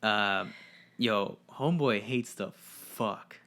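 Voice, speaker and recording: A man co-hosting a podcast in loose, casual chat. His voice is bright and a little sharp. He tells the story jokily and swears freely. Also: lowish voice, slow. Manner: loose, profane, jokey storytelling. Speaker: podcast co-host.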